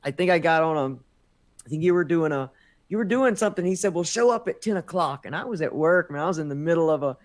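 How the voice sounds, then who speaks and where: An animated man tells a story in a conversational interview, acting out what people said and dropping "man" into nearly every sentence. His voice sits on the higher side for a man. The sound is dry and close, with no room echo. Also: fast. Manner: animated storyteller, acts out quoted dialogue, says "man" often. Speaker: podcast guest.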